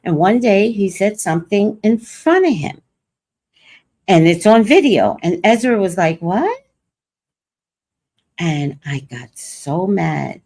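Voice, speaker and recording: An older woman hosts a livestream, animatedly telling a personal story in casual chat and acting out what other people said. Her voice is medium-pitched and slow, with long pauses.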